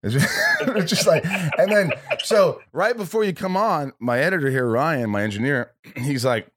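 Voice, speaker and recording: A man's voice: a little high, expressive, normal speed, a bit bright. A man in his forties hosting a podcast, rambling with frequent restarts and stammers, casually profane. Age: 40s. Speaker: podcast host.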